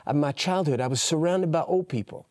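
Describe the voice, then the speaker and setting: An older man, a guest who tells stories in a folksy, laughing way. His voice sits somewhat high for a man. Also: fairly quick, a little mellow, no echo. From East Texas. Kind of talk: storytelling testimony.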